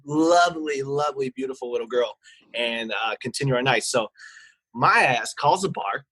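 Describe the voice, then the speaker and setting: Man, 30s, podcast co-host, husky slightly higher voice, dry close sound, lively storyteller. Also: normal speed, no echo, poor audio. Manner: animated storyteller, acts out voices of staff and callers. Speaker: podcast co-host, restaurant manager. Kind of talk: casual chat.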